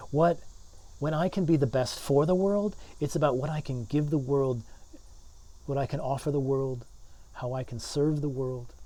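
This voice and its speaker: A man's voice: medium pitch, warm tone. A man, a pastor, giving a sermon in an earnest way, often repeating words as he builds his points. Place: church.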